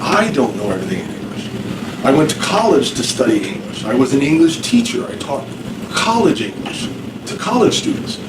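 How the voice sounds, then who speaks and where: A man's voice: medium pitch, sing-song, normal speed. Guy rambling through a classroom lesson, chatty, echoey room w/ lots of noise. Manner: rambling, conversational, asks the class questions. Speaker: ESL teacher. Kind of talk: classroom lecture. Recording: echoey room, distant mic, noisy.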